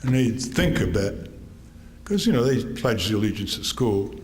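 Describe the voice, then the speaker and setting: A man in his eighties from Connecticut, giving a talk to an audience and telling wry family anecdotes with frequent pauses. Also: fairly low pitch, big pitch swings. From Connecticut, USA. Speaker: author giving a public talk. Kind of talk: storytelling speech to an audience. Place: theater stage. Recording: long theater reverb, faint noise.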